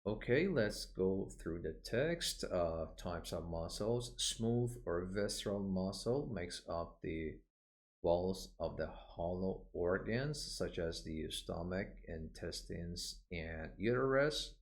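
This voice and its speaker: A man teaching medical vocabulary in a recorded online lesson, explaining each term and repeating it slowly for pronunciation, with frequent "uh" fillers. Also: low-pitched, lively intonation.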